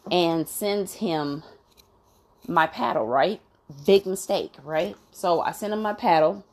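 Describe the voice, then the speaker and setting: A woman ranting bluntly, swearing constantly and asking "you know what I'm saying?" between fired-up, indignant complaints. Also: deep voice. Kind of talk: profane venting rant.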